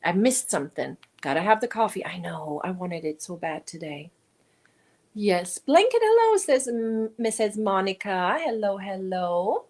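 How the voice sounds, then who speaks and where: A woman's voice: mid-range voice, very animated, a little slow, a little mellow. A woman hosting a casual livestream, greeting viewers by name and thanking them as she reads their comments. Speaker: livestream host. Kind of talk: casual chat reading live comments.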